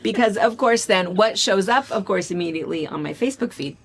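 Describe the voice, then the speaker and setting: A woman from the United States co-hosting a casual chat show, telling stories in an animated, chatty way. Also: mid-range voice, a little fast. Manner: chatty, animated storytelling with laughs. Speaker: co-host.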